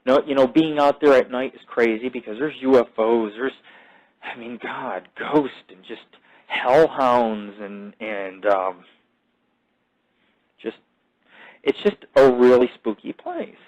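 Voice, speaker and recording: A man's voice: mid-range voice, darkish tone, poor audio. A man hosting his own show in a rambling, casual monologue. He swears freely, wanders off topic and restarts his sentences. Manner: profane, digressive, self-mythologizing; halting restarts and repeated fillers. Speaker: podcast host.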